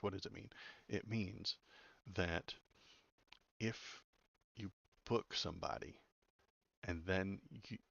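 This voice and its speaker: Deep, gravelly man, blunt and sarcastic. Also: fairly bright tone, dry recording, highs cut off. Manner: blunt and sarcastic, stumbles over words. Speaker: political commentary host. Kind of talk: casual political commentary.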